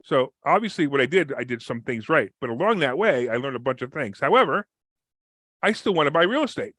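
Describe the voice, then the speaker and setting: On a podcast, a man who invests in real estate recounts a story energetically and at speed. He imitates the quoted people using large jumps in pitch, with no echo in the audio.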